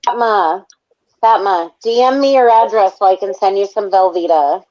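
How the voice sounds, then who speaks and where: A woman's voice: mid-range voice, moderate pace, a little mellow, no room sound. Woman host, 30s, chatty, reads chat, dull lo-fi mic. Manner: chatty, reads viewer comments aloud. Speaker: stream host. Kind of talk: casual chat.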